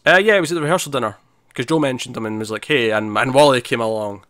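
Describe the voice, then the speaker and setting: A man's voice: medium pitch, animated, very fast, fairly bright tone, no echo, clean studio sound. A man co-hosting a podcast in casual chat, chatty and laughing often, acting out quotes as he talks. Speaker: podcast co-host.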